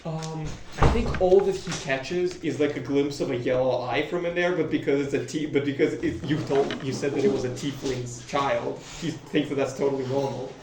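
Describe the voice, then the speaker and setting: A man's voice: medium pitch, fairly even intonation, normal speed, few pauses. A man running a tabletop game as game master, narrating casually with lots of fillers and restarts. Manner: rambling, filler-heavy, self-interrupting. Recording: echoey room, far from mic, loud noise.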